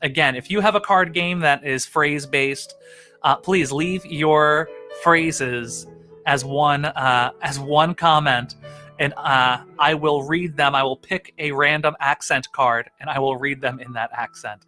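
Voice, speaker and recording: A man's voice: a little high, a little slow, sharp tone, soft background music. A man hosting a live stream, chatting casually and rambling, with lots of fillers and chuckles. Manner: rambling, laughing, full of uh fillers. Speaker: live-stream host and tenor.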